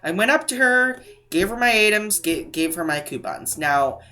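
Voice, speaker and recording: A man's voice: high voice, big pitch swings, moderate pace, sharp tone. A man from New England telling a casual storytime vlog, rambling and stopping to correct himself. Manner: rambling, self-interrupting, mimics other people. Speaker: couponing vlogger.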